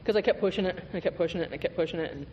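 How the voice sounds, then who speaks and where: A man's voice: high-pitched, very fast, darkish tone, highs cut off. A man giving a candid, profane recovery testimony as a guest speaker at a meeting, telling his story with laughs. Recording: reverberant hall with faint noise.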